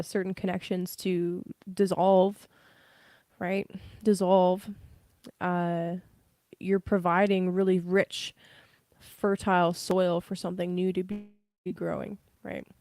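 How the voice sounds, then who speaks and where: A woman reads tarot in a loose, chatty way, often breaking into giggles and swearing without a second thought. She talks slowly and takes her time. Her voice sounds dry and close, with no room echo. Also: lowish voice, a little mellow, smooth. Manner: giggly, swears freely, rambling. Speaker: tarot reader. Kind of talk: casual live tarot reading.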